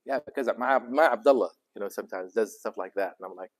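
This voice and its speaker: A man's voice: fairly low pitch, fast. A middle-aged man, a sheikh, chatting casually and jokingly with teenagers in a mosque youth program. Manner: easygoing and joking. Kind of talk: casual chat with teens.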